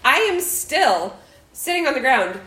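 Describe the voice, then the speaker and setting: Middle-aged woman, casual storytelling, lively quoted voices, fairly high voice, echoey room. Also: unhurried, background noise. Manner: animated, acts out quotes with laughter.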